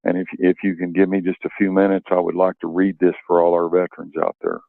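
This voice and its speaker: Older guy on a dry tinny phone call, emotional, lots of uhs, low voice. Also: lively intonation, vocal fry, no echo. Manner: emotional, halting, with many fillers. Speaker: radio interview guest. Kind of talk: storytelling and poem reading over the phone. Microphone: telephone.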